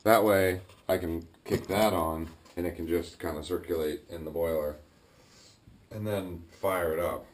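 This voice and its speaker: A man talking casually as he works on his home boiler, thinking aloud with fillers and throat clearing. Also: sits low, fairly even intonation, unhurried. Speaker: DIY builder vlogging his project. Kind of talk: casual talk-through while working. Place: garage boiler room, indoors. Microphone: action camera.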